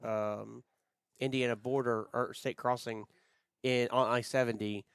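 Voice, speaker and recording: A middle-aged, easygoing podcast co-host with a smooth, clear, mid-range voice chats unhurriedly, wandering through friendly stories with plenty of ums and uhs. The sound is close and dry, with no echo or room behind him.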